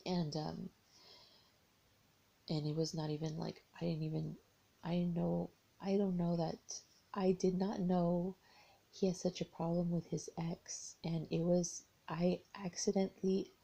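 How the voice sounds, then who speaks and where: Low, gravelly American woman rambling. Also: flat delivery, measured pace, dark tone. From United States. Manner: rambling, hesitant, many restarts. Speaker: tarot vlogger. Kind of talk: casual personal storytelling.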